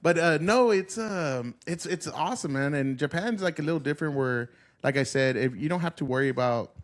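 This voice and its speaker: A man's voice: on the high side, fairly quick. A man telling stories as a podcast guest in casual chat, profane and often laughing. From United States.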